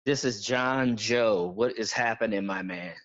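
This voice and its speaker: A man phones in to a live stream, all worked up and rambling through his story in excited bursts. His voice comes through a dull, dry, muffled line. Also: on the low side, measured pace, no room sound. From Florida. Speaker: caller.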